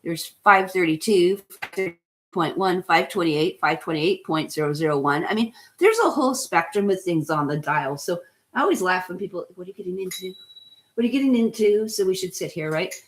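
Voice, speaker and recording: A woman's voice: fairly low pitch, lively intonation, moderate pace, slight background noise. A middle-aged woman hosting a casual wellness talk, chatty and enthusiastic, rambling with lots of "you know" and "right?". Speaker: host.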